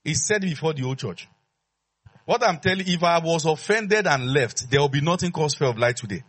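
A man's voice: on the high side, lively intonation, brisk, a bit bright. A man preaching a sermon as pastor, emphatic, repeating his phrases and leading call-and-response with the congregation.

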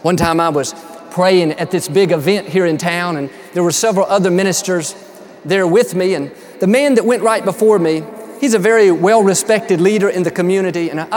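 A man preaching a sermon in an upbeat, emphatic way, mixing encouragement with folksy stories. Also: high voice. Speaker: pastor.

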